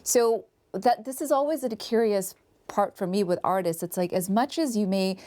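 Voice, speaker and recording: A woman interviewing a guest in a casual chat, enthusiastic and affirming, quick to agree. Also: medium pitch, mellow.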